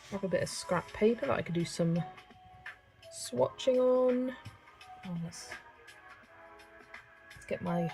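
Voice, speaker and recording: A woman's voice: mid-range voice, gravelly, warm tone. A woman hosting a colouring livestream, chatting casually and thinking aloud as she picks colours. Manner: chatty, thinking aloud, reads chat messages. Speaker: livestream host. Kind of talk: casual chat while colouring.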